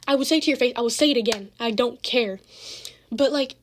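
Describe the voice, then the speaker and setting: Teen girl spilling drama in a grwm storytime, bit high voice, swears a lot. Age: teens. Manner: fast, slangy, heavy cursing, animated retelling. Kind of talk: casual storytime.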